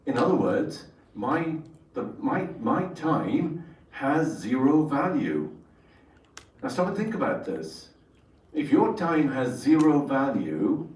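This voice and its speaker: A man leading a workshop for entrepreneurs, telling a story and putting questions to his audience. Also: fairly high pitch. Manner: engaging, asks the audience questions. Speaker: workshop trainer. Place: workshop room. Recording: echoey room, voice from far off.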